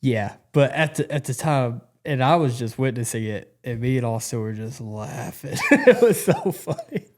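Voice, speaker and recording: A man's voice: mid-range voice, sing-song, normal speed, few pauses, darkish tone. A man in a casual podcast chat, easygoing and laughing often as he talks.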